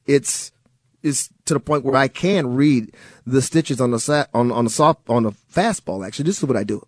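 A man filling in as a talk radio host, giving an animated, sarcastic monologue and chuckling at times. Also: mid-range voice, moderate pace, no room sound, studio quality.

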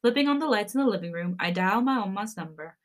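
Gentle woman narrating a romance story. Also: mid-range voice, animated, fast talker. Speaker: podcast story reader. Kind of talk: first-person fan story narration.

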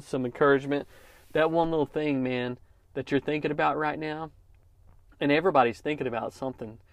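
A man talks casually on his podcast, telling a story and encouraging his listeners. His pitch sits in an ordinary middle range. The close mic gives a dry sound with no room echo. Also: vocal fry. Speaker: podcast host, lawn care business owner. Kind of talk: casual motivational podcast talk.

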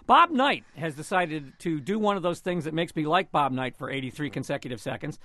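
A man's voice: on the high side, animated, fairly quick, pushed and bright, no echo. A man giving sarcastic, opinionated sports commentary in a radio studio. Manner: sardonic, sarcastic wit.

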